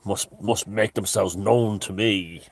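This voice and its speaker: An Irish man mock-voicing a pompous, self-important male forest ruler, speaking slowly and grandly. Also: on the low side, steady tone, gravelly, dry recording, exaggerated voice.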